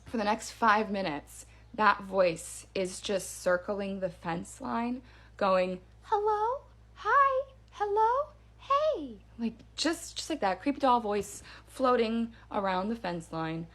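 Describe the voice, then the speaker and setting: A woman telling her own spooky story in a casual, chatty way, with fillers and hushed drops for suspense. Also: mid-range voice, slow pace. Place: parents' backyard by a campfire.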